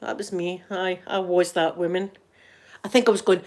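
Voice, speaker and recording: A woman's voice: on the low side, flat delivery, normal speed, darkish tone. Chatty middle-aged Scottish woman. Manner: chatty, laughing storyteller, talking to live chat. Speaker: ASMR streamer chatting with viewers. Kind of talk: casual chat.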